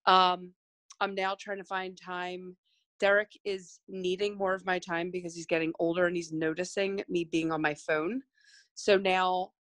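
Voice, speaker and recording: A woman's voice: fairly low pitch, a bit bright, no echo. A woman speaking earnestly on a video call to her team, admitting her own excuses and growing tearful. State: near tears. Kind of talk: emotional group call testimony.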